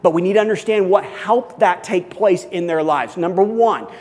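A man's voice: sits high, moderate pace, a little mellow. A male pastor preaching a sermon in an earnest, emphatic way, repeating key phrases. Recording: long hall reverb.

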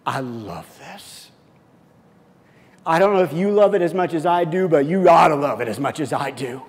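A man's voice: a little high, expressive, normal speed. Impassioned preacher man in a reverberant hall. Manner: impassioned preaching, swinging between loud and hushed. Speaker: pastor. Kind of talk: sermon.

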